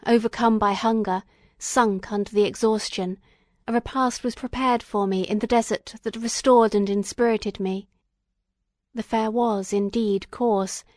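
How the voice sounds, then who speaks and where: A woman reading a classic novel aloud as an audiobook, in a solemn, measured narration. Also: on the high side, a little mellow, no room sound, clean studio sound. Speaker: audiobook reader. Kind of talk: scripted narration.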